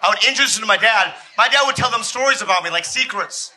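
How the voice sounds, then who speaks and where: A man doing an animated stand-up routine that breaks into shouty bits. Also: high voice, fast talker, background noise. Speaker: stand-up comedian.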